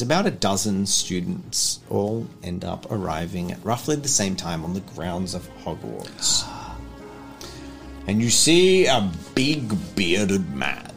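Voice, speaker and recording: Male game master, lively voice, relaxed rambling narration, soft music behind. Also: lowish voice, vocal fry. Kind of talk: narrating a tabletop role-playing game.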